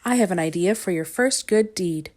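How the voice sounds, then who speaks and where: A woman reading a storybook aloud and voicing a small, timid man in a tiny high voice, bright and eager. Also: normal speed, natural voice.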